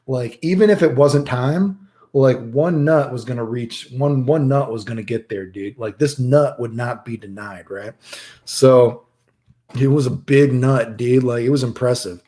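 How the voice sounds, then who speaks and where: A man's voice: mid-range voice, unhurried, echoey room. A man streaming to his chat, telling rambling stories in a casual, profane way and acting out his own lines. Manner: profane, rambling, animated retelling with many filler dudes. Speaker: streamer answering chat questions.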